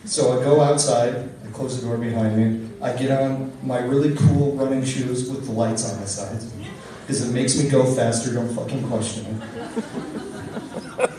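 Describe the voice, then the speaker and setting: A man's voice: mid-range voice, moderate pace, distant mic, a crowd in the background. Young male stand-up comic, roomy club. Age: young adult. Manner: animated storytelling, loud exasperated character bits. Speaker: stand-up comedian. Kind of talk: stand-up comedy set. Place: comedy club stage.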